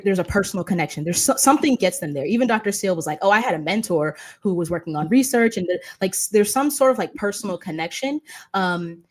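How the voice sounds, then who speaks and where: A woman in her thirties hosts a relaxed panel talk. She speaks in a mid-range voice and keeps circling back with fillers, repeated words and restarts. The tone stays conversational throughout. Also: medium pitch. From United States. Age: 30s. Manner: talkative, many fillers and restarts. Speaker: host and patient advocate.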